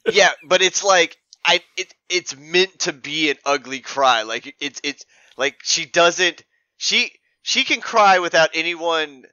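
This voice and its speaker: American podcast guy, super bright smooth voice, kinda dull dry recording, rambles a lot. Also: on the high side, lively intonation, unhurried, no room sound. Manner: rambling, lots of "like" and restarts, trailing off quieter. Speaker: podcast co-host. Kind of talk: casual chat, episode recap.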